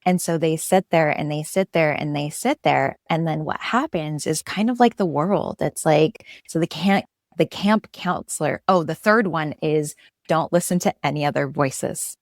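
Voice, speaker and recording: A woman's voice: deep voice, normal speed, no echo, studio quality. A woman podcast host in casual interview chat, telling a story and acting out the quotes with animation.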